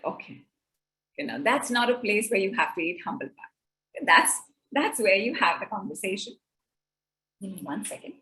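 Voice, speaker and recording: Middle-aged woman, relationship speaker, lively conversational talk at a mid pitch, quotes others as she goes. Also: normal speed, pauses often, low-quality recording. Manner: animated, conversational, with quoted asides. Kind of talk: talk at an online summit.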